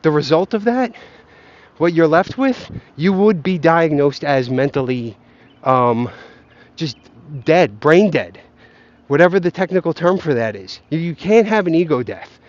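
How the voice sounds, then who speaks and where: A young man ranting casually outdoors, swearing often and rambling between half-formed thoughts. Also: fairly high pitch. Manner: profane, rambling, self-doubting. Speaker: vlogger. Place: outdoors, near geese. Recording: muffled lo-fi recording.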